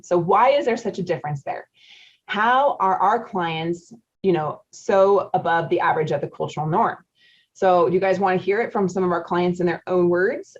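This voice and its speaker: A woman in her forties, a marriage coach hosting a live webinar, chatty, laughing often and quizzing her audience. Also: fairly low pitch. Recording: dull lo-fi audio.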